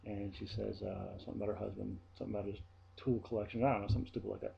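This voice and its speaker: A man's voice: lowish voice, little pitch movement, very fast, gravelly, lo-fi sound, a little hiss or hum. A man talking casually to his viewers, telling a story in a chatty, blunt way. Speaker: vlogger and flight attendant. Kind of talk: casual vlog monologue.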